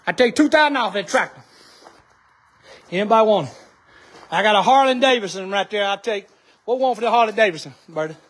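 A man with a strikingly high pitch and a husky edge to his voice. He fires off quick directions and then talks up his goods for sale in a playful, salesman-like patter. He is recorded outdoors, in casual vlog style. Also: animated. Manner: shouts short directions, then hawks items for sale in a joking patter. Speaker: vlog host.

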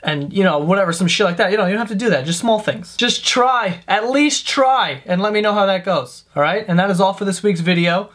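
A man's voice: high voice, brisk, few pauses, a bit bright. A young man doing a comedic vlog rant, sarcastic and profane, sounding fed up as he talks to camera. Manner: profane, sarcastic, exasperated ranting. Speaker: comedy vlogger.

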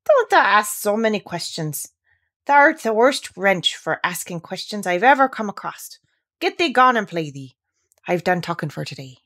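A woman voicing a grumpy old gardener with a gruff, grumbling manner. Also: on the low side, expressive, moderate pace.

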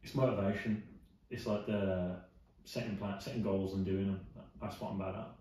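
Swearing lad in echoey room. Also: male voice, low-pitched, steady tone, moderate pace, warm tone, slight background noise. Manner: swearing, storytelling, doing voices of people he quotes. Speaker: podcast host. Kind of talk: casual podcast chat. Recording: very echoey room, mic at a distance.

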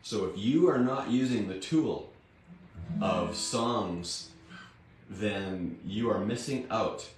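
Man, devotional host, unhurried homely talk, very echoey room, distant mic. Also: lowish voice, expressive. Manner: homely and plain-spoken, with gentle asides. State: rough morning voice. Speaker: devotional host and Bible reader.

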